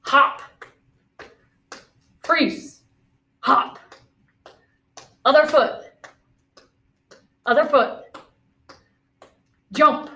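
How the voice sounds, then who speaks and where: A woman's voice: high-pitched, extremely slow, long pauses, sharp tone. Upbeat woman teacher giving a lesson. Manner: encouraging, calls out movement commands. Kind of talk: classroom video lesson with movement breaks.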